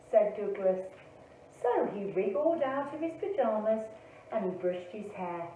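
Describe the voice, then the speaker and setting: A woman, an early years teacher, reading a picture book aloud to children in a slow, expressive storytelling way. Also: mid-range voice, slight background noise. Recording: echoey, phone-like, from a distance.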